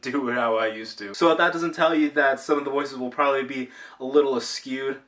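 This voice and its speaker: A man's voice: mid-range voice, steady tone, fairly quick, a bit bright, recorded from a distance. A young man from Rhode Island chatting casually on his own channel, rambling and self-deprecating. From Rhode Island, USA. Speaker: YouTube channel owner. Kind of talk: casual vlog chat.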